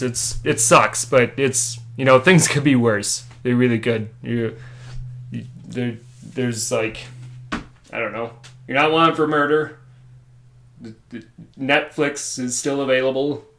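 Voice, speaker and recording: A man's voice: mid-range voice, a bit bright. A man hosting a casual solo podcast from a room at home, rambling and self-deprecating. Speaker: podcast host.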